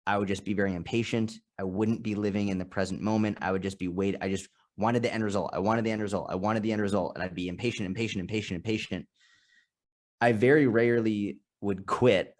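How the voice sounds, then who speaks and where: A man in his thirties in a casual interview, telling stories with lots of restarts and acting out the voices he quotes. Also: lowish voice. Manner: animated storytelling, acts out quoted voices, frequent restarts. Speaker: podcast guest, strength and nutrition coach.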